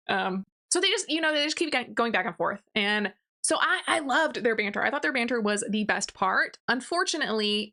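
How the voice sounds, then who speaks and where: A young woman walks through a novel's plot in a ranting review. She sounds casual and exasperated and loads her talk with fillers and sarcastic asides. Her voice is bright and forceful. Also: on the high side. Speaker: book reviewer. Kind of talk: ranting book review recap.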